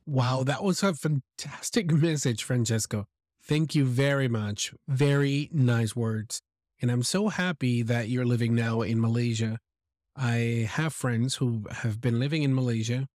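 A man's voice: medium pitch, a little mellow, no room sound. Encouraging male English teacher, dry mic. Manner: encouraging, explains pronunciation slowly with examples. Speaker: English teacher and podcast host. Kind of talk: friendly feedback on a listener's voice message.

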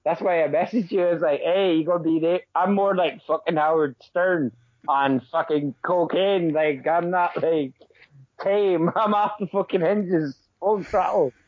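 Guy ranting, sweary and loud, dry tinny phone sound. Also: fairly high pitch, no room sound. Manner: brash, sweary, fast and animated. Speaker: podcast guest. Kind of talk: casual podcast chat. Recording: tinny call line, dry.

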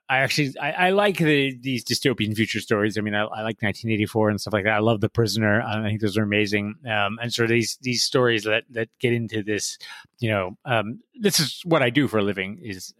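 A man's voice: fairly low pitch, brisk, a bit bright, dry recording. A man co-hosting a podcast in casual chat, hesitant and rambling with many fillers and dry jokey asides. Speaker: podcast co-host.

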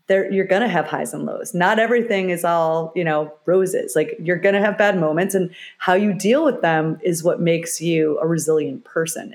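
Emotional middle-aged woman, lower voice. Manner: talks in loose restarts, emotional. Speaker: expert guest. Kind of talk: conversational interview.

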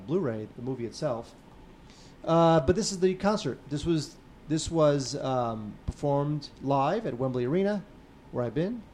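Mellow-voiced podcast guy chatting about blu-rays, lots of ums, slight hiss behind. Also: on the high side. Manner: chatty, trails off into fillers. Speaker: podcast co-host. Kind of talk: casual chat about home video releases.

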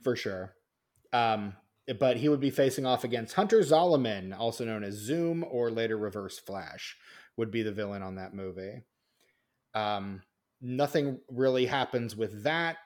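Somewhat slow, with a mid-range voice and lively intonation, this man hosts a film podcast. He reads a production history from his notes in a chatty, rambling way, loaded with fillers and false starts.

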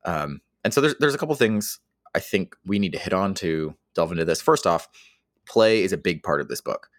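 A man's voice: deep voice, animated, moderate pace, no echo, clean studio sound. A man co-hosting a podcast, laying out his points in order in a thoughtful way. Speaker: podcast co-host. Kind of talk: casual discussion.

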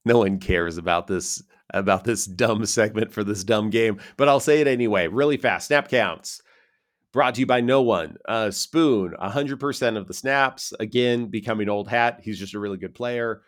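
A man co-hosting a casual sports podcast, chatty and self-mocking, running through lists of numbers. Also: lowish voice. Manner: loose and self-mocking, reads stats in quick lists. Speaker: podcast co-host.

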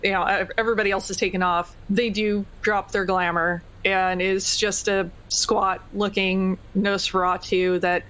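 A woman's voice: mid-range voice, flat delivery, normal speed, few pauses, a bit bright, rough recording. Woman running a tabletop game. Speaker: game master.

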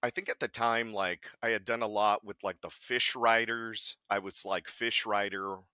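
A man's voice: on the low side, moderate pace, clear, resonant tone, no echo. A man, a voice actor guest, telling stories in a casual podcast chat, acting out quotes and laughing often. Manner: animated storyteller, acts out quotes, laughs often.

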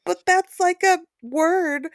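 A woman's voice: extremely high pitch, takes it slowly, dry recording, studio quality. A woman co-hosting a casual podcast chat, giggly and rambling, pressing her points with emphasis. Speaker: podcast co-host.

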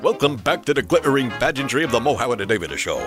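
A man voicing a pompous, bossy male radio host with a Brooklyn accent in a comedy parody sketch, gruff and indignant. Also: mid-range voice, very animated, quick pace, over loud music, close to an everyday voice.

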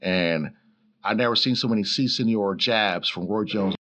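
A man giving boxing talk as a guest on a casual sports podcast, relaxed and joking as he tells stories. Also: fairly low pitch, moderate pace, noisy background.

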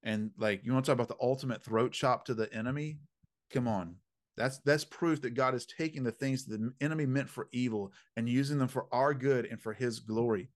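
A man of middle pitch recounts an experience with lively, punchy emphasis. His phrasing leans toward a sermon, full of faith language and street slang. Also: brisk. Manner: preacherly, faith-filled phrasing. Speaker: guest, dream interpreter. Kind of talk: conversational storytelling.

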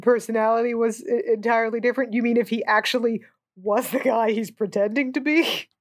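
Woman co-host, a bit high, wry and sarcastic, dry close sound. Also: fairly even intonation, a little fast, dry recording. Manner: wry, sarcastic, laughs often. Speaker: podcast co-host. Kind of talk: casual movie discussion.

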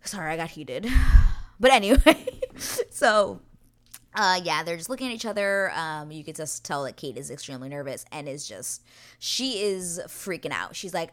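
A woman's voice: deep voice, fairly bright tone. A woman hosting a casual scene-by-scene TV recap, swearing freely and paraphrasing the characters in modern slang. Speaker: TV episode recap host.

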